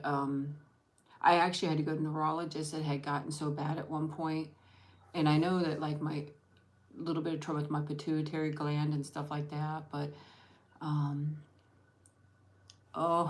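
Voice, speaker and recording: A woman's voice: deep voice, a bit bright. A woman vlogger chatting casually with viewers over lunch. She rambles, restarts her sentences and thanks people by name. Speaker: vlogger hosting an eat-with-me stream. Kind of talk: casual livestream chat.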